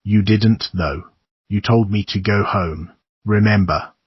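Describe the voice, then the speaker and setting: A man reading an audiobook, voicing an earnest young man who gently reassures and coaxes in a husky voice. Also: fairly low pitch, slow pace, no echo, dull audio, full character voice. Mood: reassuring. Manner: gentle, coaxing delivery.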